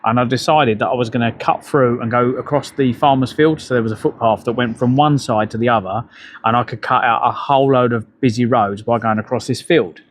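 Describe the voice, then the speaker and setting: A man's voice: mid-range voice, steady tone, fairly quick. A middle-aged man, telling rambling, profane stories to his live-stream chat while out on a bike ride. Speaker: livestreamer.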